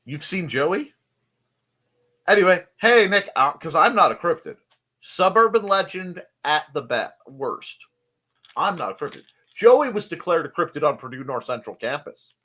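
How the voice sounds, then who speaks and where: A man hosts a casual live stream from his computer desk at home, rambling, joking and greeting people in the chat. His voice is bright, fairly high and very lively in pitch. He speaks into a desk mic. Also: unhurried. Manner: rambling, jokey, greets chatters.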